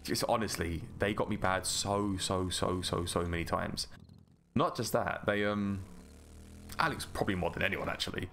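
Gamer bloke rambling on over his gameplay, deep-ish voice, laughs a lot. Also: fairly bright tone, a little hiss or hum. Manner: rambling, chatty, quick to laugh. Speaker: gaming YouTuber. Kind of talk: casual gameplay commentary.

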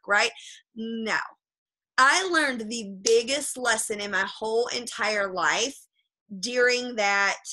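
Woman doing a fired-up pep talk on a video call, bright voice, keeps saying okay?, blunt. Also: a little high, rough recording. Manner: emphatic and repetitive, checking in with "okay?"; frank, with mild swearing. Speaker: motivational speaker addressing a group.

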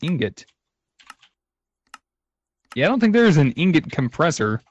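Unhurried and husky, this slightly high male voice swings widely in pitch as he banters through a game with his co-player, relaxed and full of ums and laughter. There's no room sound, though the lo-fi mic is a bit dull.

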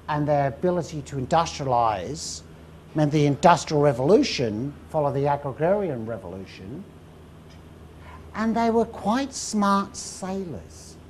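A woman lecturing to a live audience in a lecture room. Her voice sits on the low side but leaps around with lively, animated inflection. She spins history into a story and keeps asking the audience questions, over a faint hum of room ambience. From England.

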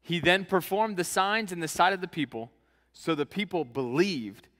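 A male preacher with a bright, forceful voice that sits a little high. He talks through his sermon in a loose, conversational way, reading scripture and slipping into slang. His voice rings out in a long hall reverb. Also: lively intonation, normal speed. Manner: casual, conversational, acts out scenes in slang.

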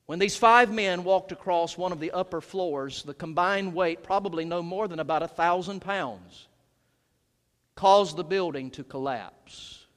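A male senior pastor preaching a sermon during a worship service. He delivers it emphatically, swinging from loud shouts to hushed low lines. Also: unhurried. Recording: reverberant church sanctuary.

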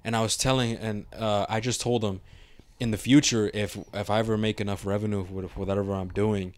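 Low-voiced young man, casual slangy storytelling. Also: fairly even intonation, a little fast, dry recording. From Mexican-American. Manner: loose, rambling storytelling with heavy slang and swearing. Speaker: podcast co-host. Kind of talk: casual podcast chat.

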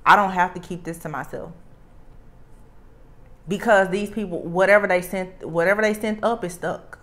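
A woman's voice: lowish voice, fairly even intonation, moderate pace. A woman with a Southern US accent delivers a tarot reading straight to her viewers. She talks emphatically, circles back to her warnings, and leans on repeated phrases. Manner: emphatic, repeats warnings, drawls "I'm telling you". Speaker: tarot reader. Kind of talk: channelled tarot reading to camera.

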